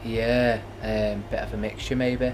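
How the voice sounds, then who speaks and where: A man's voice: fairly low pitch, flat delivery, measured pace, noisy background. A young man, a new father chatting casually and joking on his vlog. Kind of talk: casual chat.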